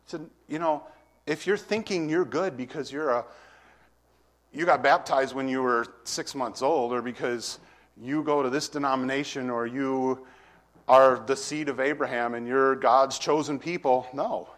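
A man's voice: mid-range voice, a little slow, a bit bright. Conversational male preacher. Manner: conversational, asks the congregation questions; reads scripture with rising emphasis. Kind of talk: verse-by-verse sermon.

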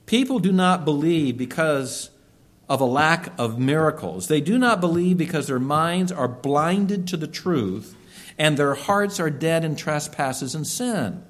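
A man preaching a sermon, earnest and emphatic, slowing down to stress key words. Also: fairly high pitch, animated. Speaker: pastor.

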